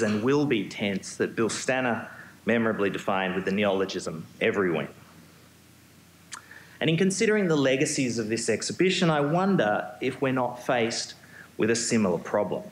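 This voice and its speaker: A man, a museum curator, giving a prepared symposium talk on stage, measured with occasional ums and restarts. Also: mid-range voice. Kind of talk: prepared lecture. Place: auditorium stage. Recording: echoey hall, faint hum.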